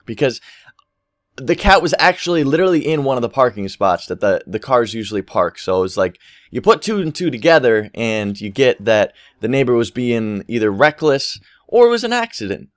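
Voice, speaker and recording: A man's voice: mid-range voice, moderate pace, no room sound. Young male gaming YouTuber, loose rambling storytelling, dry booth-like sound. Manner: rambling, swears freely, quotes people in animated voices. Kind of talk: casual storytelling over gameplay.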